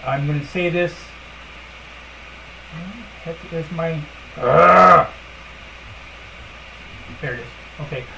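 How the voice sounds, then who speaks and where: A woman's voice: deep voice, a bit bright, slight background noise, low-quality recording. A woman hosting a casual livestream, talking bluntly and emphatically with lots of fillers and asides at her computer. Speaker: livestream host.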